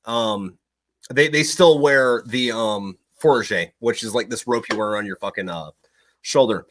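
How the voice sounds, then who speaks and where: A man's voice: fairly low pitch, normal speed. A man hosting a casual podcast, telling military history stories in a rambling, profane way with lots of fillers. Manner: profane, rambling, animated storytelling with many fillers. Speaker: podcast host.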